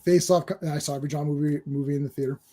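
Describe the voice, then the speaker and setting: High-voiced man telling a story excitedly. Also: racing. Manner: animated, acts out quotes, swears, many restarts. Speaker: podcast host. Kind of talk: casual storytelling on a movie podcast. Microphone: live-stream microphone.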